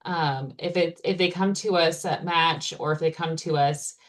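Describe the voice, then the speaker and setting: A woman's voice: low-pitched, fairly even intonation, moderate pace. A woman who works as a surrogacy consultant answers interview questions in a casual, explaining way, with frequent ums and "you know".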